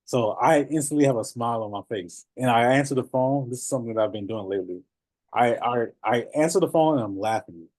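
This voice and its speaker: A man coaching notaries in a casual, animated talk, laughing often and repeating phrases. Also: medium pitch, brisk, no room sound.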